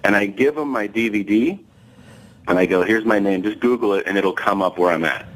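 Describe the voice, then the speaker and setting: A man's voice: on the low side, a little fast, low-quality recording. A male comedian telling a profane anecdote on a talk show, acting out the dialogue and laughing along the way. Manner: animated, profane, acts out quoted dialogue, laughs mid-story. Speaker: guest comedian.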